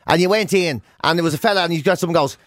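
High-voiced Irish radio man, dry studio sound. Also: racing, fairly bright tone, no room sound. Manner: jokey storyteller, breaks into mock accents and laughs. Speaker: radio show co-host. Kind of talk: casual breakfast radio banter.

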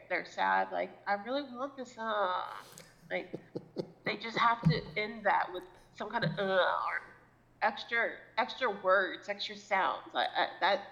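A woman's voice: mid-range voice, creaky, a bit bright, dull audio. A woman co-hosting a podcast in casual chat, rambling with many likes and restarts and swearing bluntly. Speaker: podcast co-host.

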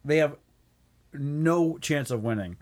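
Man, higher than usual pitch, casual podcast chat, animated recap, laughs often. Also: takes it slowly. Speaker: movie review podcast co-host.

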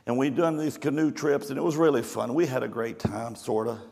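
A man's voice: mid-range voice, a little fast, vocal fry, a little mellow. A male pastor telling a folksy story in a conversational sermon. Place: church or camp meeting hall. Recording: long hall reverb.

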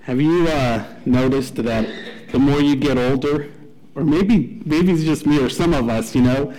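A man in his thirties, a pastor, opening with prayer and then animatedly telling a story in a sermon, with poor audio quality. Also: a little slow. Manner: animated, acts out a dog's delight. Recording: low-quality radio-like audio.

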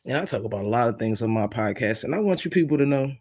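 A man's voice: medium pitch, lively intonation, fast talker, a little mellow, husky, dry recording. A man from Brooklyn, hosting his podcast in a casual, joking solo monologue full of laughter. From Brooklyn, New York. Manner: joking, chatty storytelling with laughs. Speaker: podcast host.

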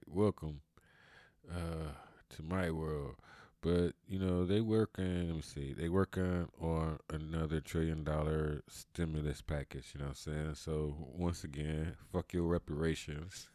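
A man's voice: deep voice, darkish tone, dry recording, clean studio sound. A man with hosting a podcast, telling stories in a casual comedic ramble full of fillers and laughter. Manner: rambling, laughing, filler-heavy street talk. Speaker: podcast host.

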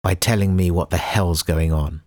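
A man's voice: low-pitched, steady tone, moderate pace, a little mellow, no echo, clean studio sound. A man voicing a weary, wry former government minister who speaks in a clipped, sardonic way in an audiobook. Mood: tense.

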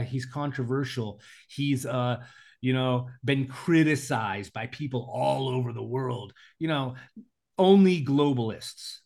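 A man co-hosting a podcast, talking in a heated, emotional rant full of fillers. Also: mid-range voice. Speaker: podcast co-host. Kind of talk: casual chat.

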